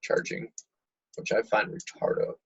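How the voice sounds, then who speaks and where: A man's voice: unhurried, dull audio. A young man chatting casually and jokily about old memories. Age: young adult. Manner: laid-back, jokey, animated when retelling. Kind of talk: casual reminiscing chat.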